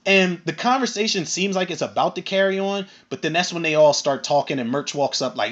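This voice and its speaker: A man recapping and reviewing a TV episode in a casual, animated and profane way, acting out bits of dialogue. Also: sits high, a little fast, highs cut off. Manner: animated, profane, retells scenes with acted quotes. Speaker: film and TV reviewer.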